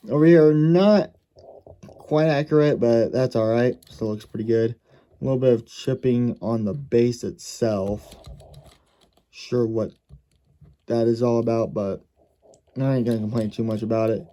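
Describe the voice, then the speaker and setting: Dark-voiced man rambling through a hobby review. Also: mid-range voice. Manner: rambling, self-correcting, thinking aloud. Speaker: diecast collector reviewing a model car.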